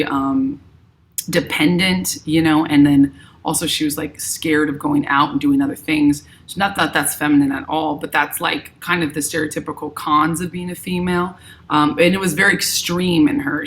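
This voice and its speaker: A woman's voice: deep voice, steady tone, normal speed, slight background noise. Chatty woman hosting a live stream. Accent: New York. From New York. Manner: chatty, reads viewer comments aloud. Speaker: host. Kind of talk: casual live-stream chat.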